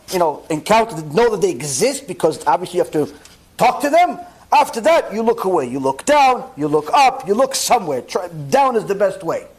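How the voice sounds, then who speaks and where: A man, a rabbi, giving a lively sermon and acting out little scenes with mock dialogue. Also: high-pitched, normal speed. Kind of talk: sermon lecture.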